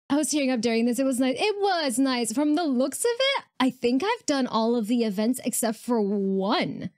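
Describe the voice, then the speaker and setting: A young woman streamer, emotional and chatty, reacting to a video while teary and hoarse. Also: on the high side, dry recording, clean studio sound. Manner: emotional, chatty, talking to chat with frequent fillers. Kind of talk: casual live-stream reaction chat.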